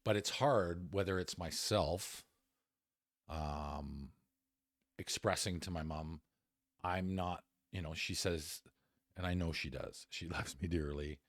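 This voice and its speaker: A man in his fifties co-hosting a podcast, telling a personal story in casual chat, animated and laughing as he goes, with the odd swear. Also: deep voice, takes it slowly, no room sound, studio quality. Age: 50s. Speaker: podcast co-host.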